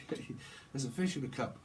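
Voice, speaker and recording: A man's voice: medium pitch, expressive, moderate pace, darkish tone, a little hiss or hum, poor audio. A man giving a casual, rambling tarot reading, joking and laughing often. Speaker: tarot reader.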